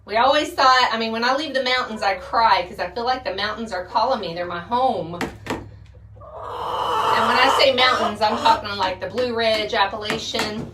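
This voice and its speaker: Chatty woman, high voice. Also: moderate pace, heavy background noise. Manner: chatty, laughing, animated. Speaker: vlogger, homesteader. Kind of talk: casual chat to camera. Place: outdoors by a chicken coop. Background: chickens and a rooster.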